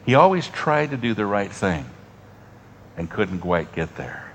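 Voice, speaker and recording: Male pastor, low voice, preaching style with big swings from emphatic to hushed, slight noise on the track. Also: sing-song, vocal fry. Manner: dynamic preaching, drops to soft near-whispers, long dramatic pauses. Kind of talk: sermon.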